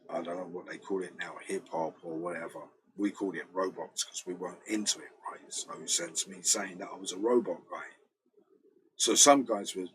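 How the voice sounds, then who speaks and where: A British man, a bass player, chatting casually in a rambling storytelling way, often acting out other people's voices. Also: a little hiss or hum, poor audio. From Britain. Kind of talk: casual chat.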